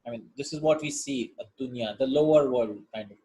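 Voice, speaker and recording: An Arabic teacher gives a casual lesson on vocabulary and grammar, thinking aloud informally as he reads each word and then glosses it, tagging lines with "right?" and "yeah?" His medium-pitched voice is brisk and dark, and the recording is low quality.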